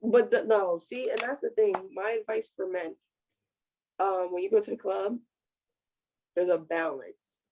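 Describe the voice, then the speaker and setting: Podcast co-host, gravelly mid voice, casual advice-giver. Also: mid-range voice, fairly even intonation, unhurried, long pauses, background noise. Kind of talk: casual chat.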